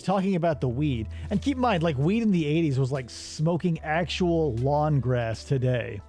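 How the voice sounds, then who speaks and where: This podcast co-host is a man casually recapping a movie as he works, telling it like an animated storyteller and acting out the characters' lines. His voice is fairly high, at normal speed, with hardly any pauses, and soft music plays in the background.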